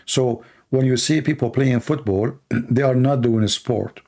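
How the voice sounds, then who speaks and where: A man's voice: mid-range voice, unhurried, mellow. A man answering viewer questions in a casual monologue, blunt and opinionated, often repeating words as he goes.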